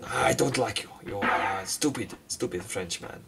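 A man giving sarcastic, self-mocking commentary over a game he plays, breaking into quick outbursts at it. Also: lowish voice, gravelly, far from the mic, heavy background noise. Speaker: gaming commentator. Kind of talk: let's play commentary.

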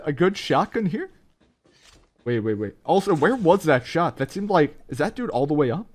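A young man giving excitable, slangy live commentary on a mobile shooter game to his viewers, breaking into sudden high yelps. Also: normal speed.

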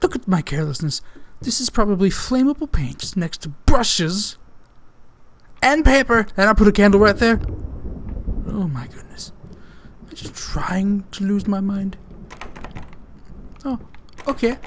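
A man's voice: high-pitched, animated, unhurried, long pauses, a little hiss or hum. A man giving casual let's-play commentary on a horror game, joking and muttering to himself. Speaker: gamer playing a horror game.

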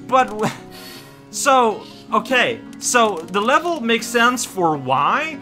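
A man with a Quebec French accent rambles through playful let's-play commentary in a high, very bright voice. He talks slowly and jokes as he goes, with game music faintly behind him. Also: big pitch swings. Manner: rambling, joking, sings snatches. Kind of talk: casual gameplay commentary.

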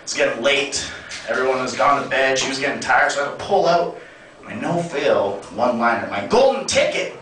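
A man performing a crude stand-up comedy set, brash and punchy, with sudden loud bursts. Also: mid-range voice, animated, fairly quick. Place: comedy club stage. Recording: echoey club sound from a distant mic, crowd laughter. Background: audience laughing.

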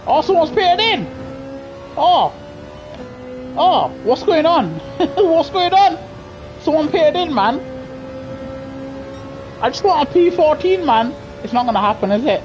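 A man with a notably high voice commentates a racing game live. He chats to his viewers in loose banter and bursts into excited yelling at the race. Soft music plays faintly in the background. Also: a little slow, pauses often. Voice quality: high-pitched voice. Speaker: gaming streamer.

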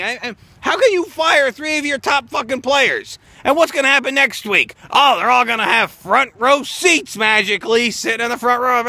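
High-voiced guy venting hard about wrestling outside in the snow, bright sharp tone, dry sound. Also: moderate pace, few pauses, dry recording. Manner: profane, heated, animated ranting. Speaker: wrestling show reviewer. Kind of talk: ranting reaction vlog. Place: outdoors in snowfall.

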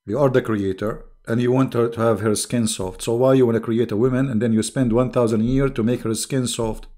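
A man's voice: mid-range voice, steady tone, brisk, warm tone. A man with an Arabic accent, hosting an online debate show and delivering a sarcastic, mocking commentary monologue full of laughter. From Arab world.

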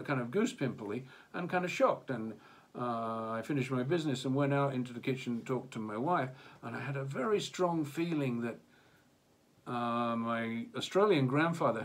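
Hesitant man musing aloud. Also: mid-range voice. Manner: hesitant, many restarts and fillers. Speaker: co-host of religion discussion. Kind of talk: casual discussion. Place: Japan.

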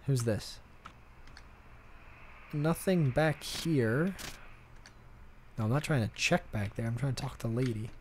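A man's voice: mid-range voice, slow pace, pauses often, darkish tone, a little hiss or hum. A man casually commenting while playing a video game, chatting to himself about what happens on screen. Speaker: let's play host.

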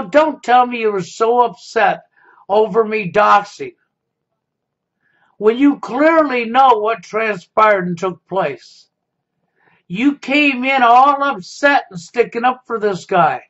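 High-voiced confrontational man, lo-fi. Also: fairly bright tone. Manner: confrontational, repeats "okay?". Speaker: YouTube commentator. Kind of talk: accusatory monologue. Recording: dull lo-fi sound.

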